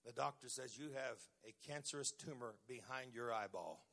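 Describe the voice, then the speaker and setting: A middle-aged man preaching a sermon, moving from quiet storytelling to loud, emphatic lines with stretched-out words. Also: mid-range voice, normal speed, creaky.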